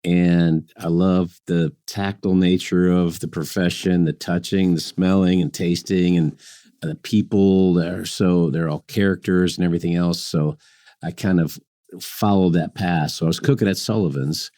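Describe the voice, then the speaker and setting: A man, a chef, telling relaxed stories in conversation with frequent chuckles and halting restarts. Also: low voice, no echo, clean studio sound. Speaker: chef guest. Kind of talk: anecdotal storytelling in conversation.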